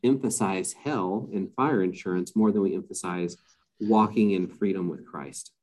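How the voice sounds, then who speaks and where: A man's voice: low-pitched, normal speed, darkish tone. A man talking as a podcast guest in a casual conversation, hesitant and full of fillers and restarts.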